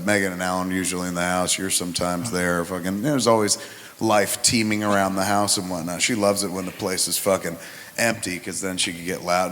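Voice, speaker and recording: Profane, animated male storyteller in a hall. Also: deep voice, slight background noise. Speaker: podcast host. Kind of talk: crude casual storytelling. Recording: live hall with reverb.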